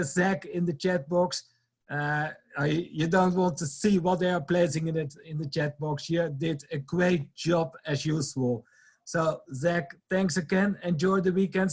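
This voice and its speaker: A man's voice: fairly high pitch, steady tone, measured pace. A man hosting an online company event, friendly and a little hesitant between his thanks and his introductions. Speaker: event host. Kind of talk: casual hosting.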